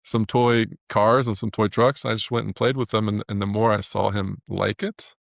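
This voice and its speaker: Male interview guest, gravelly low voice, sincere and halting delivery. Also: steady tone, dry recording, clean studio sound. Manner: earnest, halting with many restarts. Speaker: guest, animator. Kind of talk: reflective interview talk.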